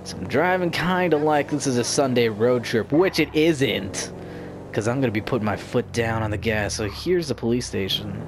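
A man's voice: medium pitch, a little fast, few pauses. A young man with a mid-range voice talks over his game footage with playful, jumpy energy, often poking fun at himself. Faint ambient noise sits under his voice. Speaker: gaming YouTuber. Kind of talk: casual gameplay commentary.

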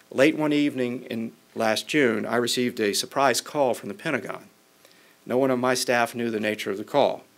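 Man giving a measured policy speech. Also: mid-range voice, a bit bright. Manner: measured and formal, with occasional restarts. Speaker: member of Congress.

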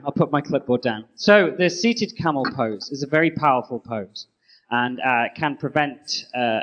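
A man co-hosting a live conference roundup, joking in a deadpan way. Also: medium pitch, lo-fi sound. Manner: playful, deadpan jokes. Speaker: co-host.

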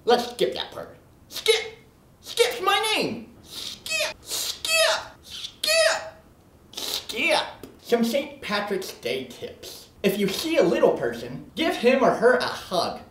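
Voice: wildly swooping pitch, slow, heavily acted. A performer doing a wild, smug would-be leprechaun man. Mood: manic. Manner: erratic, swinging from manic shouts to low mutters. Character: boastful oddball aspiring leprechaun man. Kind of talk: comedy sketch monologue. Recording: roomy echo.

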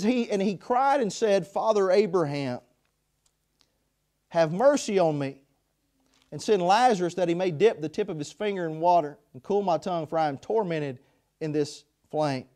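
A man preaching a sermon in a chapel, passionate, swinging between loud pleas and hushed passages. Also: a little high.

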